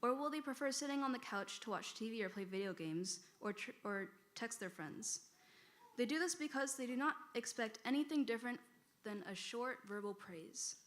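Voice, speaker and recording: A woman's voice: a little high, animated, normal speed. A female student debater making a rebuttal in a church hall, posing rhetorical questions to the audience.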